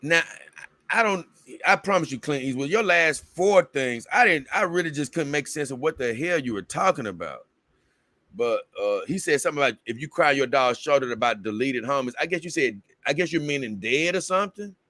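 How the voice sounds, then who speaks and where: A man's voice: fairly high pitch, expressive, a little fast, sharp tone, no echo. A man hosting a livestream in casual chat, reading viewer comments aloud and rambling, with bursts of exasperated confusion. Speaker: livestream host.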